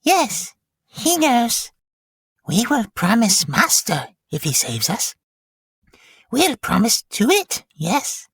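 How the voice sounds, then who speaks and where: A man's voice: very high-pitched, huge pitch swings, slow pace, gravelly, pauses often, fairly bright tone, breathy edge, no echo, clean studio sound, voice pushed up, heavily acted. A man voicing a wretched, cringing creature in a read-aloud passage, whining and pleading. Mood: pleading whimper.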